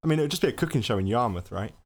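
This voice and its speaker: A man with a mid-pitched voice that swings widely in intonation. He laughs easily and talks animatedly, the way a podcast co-host does. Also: expressive, rapid-fire. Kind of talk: casual comedic chat.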